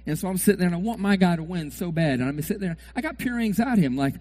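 Man preaching, high voice, big swoops, acts out cheering fans. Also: very fast, few pauses. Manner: animated, acts out fans shouting at the TV. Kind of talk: sermon.

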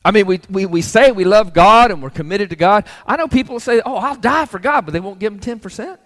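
A man's voice: high-pitched, lively intonation, fast talker, long reverb tail. A male pastor preaching a sermon, pressing the congregation with rhetorical questions.

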